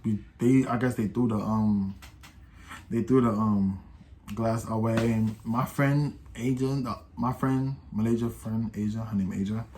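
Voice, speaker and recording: A man's voice: lowish voice, steady tone, unhurried, mellow, slight background noise. An eighteen-year-old man telling a casual storytime, rambling and slangy, with many restarts and quoted voices. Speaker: vlogger.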